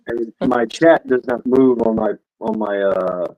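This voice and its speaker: A man's voice: mid-range voice, slow, phone-quality sound. A man hosting a live stream, telling crude jokes in a loose, profane way and laughing at his own punchlines. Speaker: streamer host.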